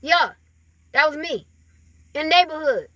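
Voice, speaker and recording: A woman's voice: high-pitched, lively intonation, unhurried, sharp tone, no echo. A woman giving a casual spiritual reading to her viewers, talking in a loose, rambling way full of fillers and laughter. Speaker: spiritual reader.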